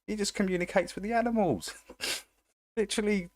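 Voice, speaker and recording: A man's voice: high-pitched, moderate pace, no room sound. A man hosting a livestream, reacting to a video in a casual, amused and laughing way. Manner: amused, laughing, animated retelling. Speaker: livestream host. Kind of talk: casual live chat reacting to a clip.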